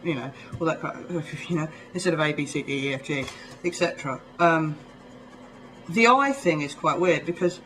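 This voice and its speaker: A man's voice: a little high, normal speed, a bit bright, rough recording. Chatty young man with a southern English accent. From England, near London. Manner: rambling, chatty, full of ums and little laughs. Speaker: vlogger. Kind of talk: casual chat to camera.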